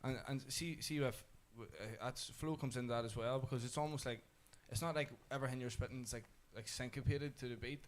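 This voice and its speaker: A young man talks in a loose, rambling way. He keeps restarting his sentences and fills them with "like." The tone is relaxed studio chat, with his pitch sitting in an ordinary middle range. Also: brisk, few pauses. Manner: rambling explainer, restarts, many "like"s. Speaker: rapper guest. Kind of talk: casual radio studio chat.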